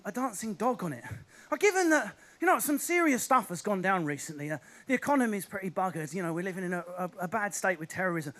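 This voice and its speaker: A young man with an Essex accent doing a fast, restless stand-up set on a stage. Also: high voice. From Essex, England. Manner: fast, restless, animated delivery with sudden put-on voices. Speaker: stand-up comedian. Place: theatre stage before a live audience.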